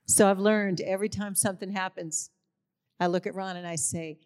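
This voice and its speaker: A woman's voice: mid-range voice, steady tone, moderate pace, a little mellow. Declaring middle-aged woman in church. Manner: declaring, emphatic on repeated words. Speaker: pastor's wife. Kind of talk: sermon.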